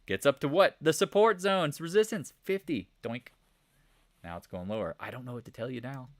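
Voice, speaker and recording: A man hosting a live market commentary stream, talking in a blunt, animated, sarcastic way. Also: medium pitch, normal speed, dry recording. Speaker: host of a trading channel.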